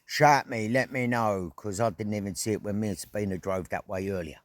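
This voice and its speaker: A middle-aged man vlogging outdoors at an evening camp, telling a story in a casual, animated way, full of slang, swearing and sound effects. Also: on the low side, brisk, dry recording.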